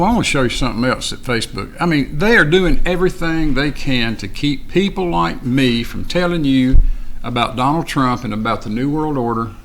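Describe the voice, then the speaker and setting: A man's voice: mid-range voice, creaky, fairly bright tone, slight background noise. A man hosting his own live stream in a rambling, casual way, reading viewer comments aloud and getting fired up. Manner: rambling, reads viewer chat aloud, talks to someone off-mic; gets fired up and ranting.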